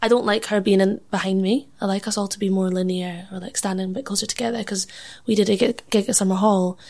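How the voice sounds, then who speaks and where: A woman's voice: mid-range voice, steady tone, fast talker, darkish tone. A young woman musician being interviewed, chatting casually, laughing often and saying "like" a lot. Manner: acts out other people's lines in quoted voices. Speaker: musician and MC, podcast guest.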